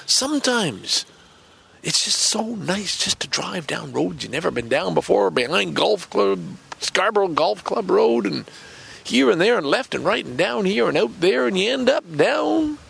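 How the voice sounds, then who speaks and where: A man's voice: sits high, vocal fry, fairly bright tone, breathy edge. A middle-aged man hosting a podcast from a park bench, chatting in a rambling way and acting out both sides of an imagined conversation. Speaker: podcast host. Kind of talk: casual rambling monologue.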